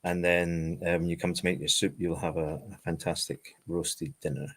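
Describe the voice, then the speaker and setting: A man's voice: sits low, flat delivery, normal speed, a bit bright. A man giving casual cooking advice on a video call, laid-back and hesitant, with lots of ums. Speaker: panelist, herbalist.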